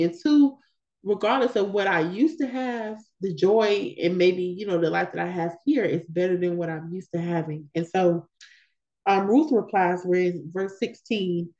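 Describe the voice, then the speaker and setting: Mellow-voiced woman leading Bible study. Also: lowish voice, a little slow, lo-fi sound. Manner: conversational, with emphatic repetitions. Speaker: women's Bible study leader. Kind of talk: scripture reading with casual commentary.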